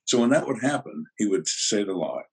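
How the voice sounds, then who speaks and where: A gravelly-toned older man with a deep, husky voice tells cop stories in an interview. His delivery is dry and deadpan, and he acts out both sides of the conversations. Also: normal speed. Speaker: retired detective guest. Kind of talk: storytelling interview answers.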